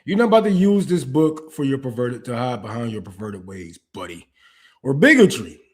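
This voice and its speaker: A young man delivering a heated, profane rant, full of stumbles and restarts, that swings between loud outbursts and low muttering. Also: sing-song, moderate pace. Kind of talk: ranting monologue.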